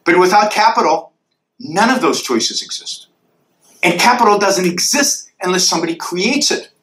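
High, bright-voiced man lecturing emphatically. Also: animated, moderate pace, roomy sound, poor audio. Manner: emphatic, drawing graphs in the air for the audience. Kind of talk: lecture Q&A answer. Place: university lecture hall.

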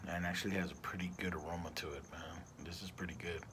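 A man's voice: low voice, fairly even intonation, fast talker, background noise. A middle-aged man reviewing a cigar in a casual vlog, rambling and ranting with plenty of profanity.

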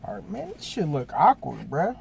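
A man's voice: high-pitched, huge pitch swings, normal speed, vocal fry, a little mellow, a little hiss or hum. A man hosting a casual food review mukbang, talking in slangy, hyped greetings to his viewers.

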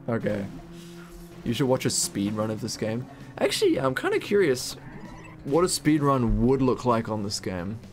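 A man's voice: medium pitch, wildly swooping pitch, normal speed, soft background music. A young man with a New Zealand accent, rambling and laughing through casual chat while streaming a racing game.

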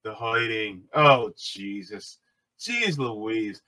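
A vlogger doing a mocking voice of a whiny woman who fakes distress, with drawn-out pleading. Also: medium pitch, big pitch swings, pushed and bright, voice pushed down, full character voice, poor audio.

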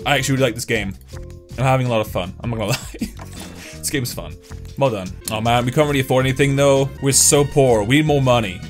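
A man's voice: medium pitch, a bit bright. A man giving casual, jokey commentary while playing a video game, often yelping and laughing. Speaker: gaming YouTuber.

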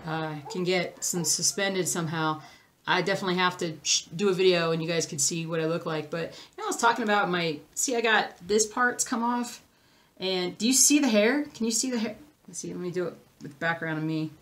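A woman hosting her own crafting channel, talking casually and a little scattered to the camera. She wanders off topic and circles back. Her voice sits slightly low for a woman. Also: fairly quick, fairly bright tone. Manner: rambling, easily sidetracked, chatty. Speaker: cross-stitch channel host.

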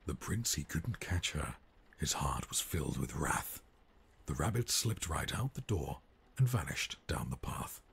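A man voicing an eerie bedtime-story narrator in a horror game, in a slow, rhyming, whispered role-play. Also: expressive, fairly bright tone, exaggerated voice. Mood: ominous. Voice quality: deep gravelly whisper. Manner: slow sing-song rhyming delivery.

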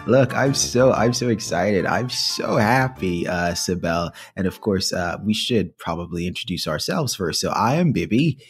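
A man co-hosting a casual comedy podcast, playful and quick to laugh, with bursts of mock indignation. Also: deep voice, animated, soft background music. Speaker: podcast co-host.

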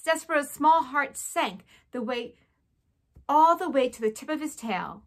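A woman's voice: sits high, expressive, measured pace. A woman reading a children's chapter book aloud, with chatty asides to her listeners.

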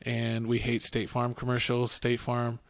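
A male podcast host with a crackly yet smooth voice talks sports in a flat, even tone. His jokes and insults come out blunt. The sound is close and dry. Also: medium pitch, unhurried, no echo. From Texas. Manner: joking, blunt trash talk. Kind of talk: casual sports chat. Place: home studio podcast.

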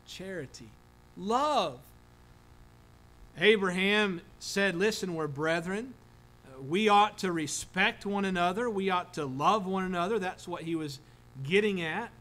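A man's voice: high-pitched, sharp tone, poor audio. A man preaching a sermon as pastor, earnest, with frequent restarts and filler words. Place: church sanctuary.

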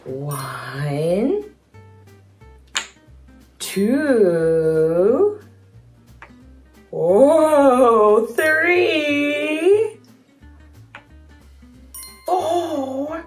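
Young woman hosting a toddler video, high and very lively, slow exaggerated sing-song, faint music underneath. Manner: bouncy, exaggerated and playful, with sound effects.

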